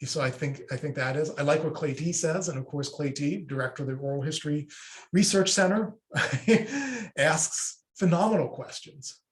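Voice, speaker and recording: A man presenting an online workshop in a relaxed, conversational way, answering questions from the chat and acting out short sample dialogues. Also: fairly high pitch, moderate pace. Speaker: webinar presenter. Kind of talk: casual online workshop talk.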